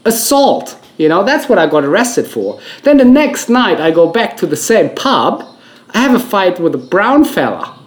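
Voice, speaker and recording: A man's voice: high voice, sing-song, moderate pace. A man putting on an Australian accent to play a brawling pub-goer telling a rambling story. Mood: boastful. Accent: put-on Australian.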